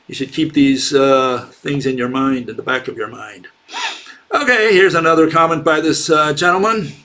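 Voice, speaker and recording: A man's voice: a little high, fairly bright tone. A man giving unscripted commentary as a channel host, scornful and argumentative, firing rhetorical questions with frequent fillers and restarts.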